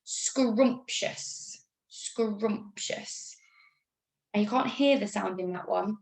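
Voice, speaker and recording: An English woman teacher reads out a spelling test for children, upbeat and patient as she spells words out letter by letter. Her voice has a gravelly edge and sits in a middling register. The sound is echoey, as if in a bare room. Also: mid-range voice. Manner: upbeat, talks slowly through spelling rules. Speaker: primary school teacher. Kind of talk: remote spelling lesson.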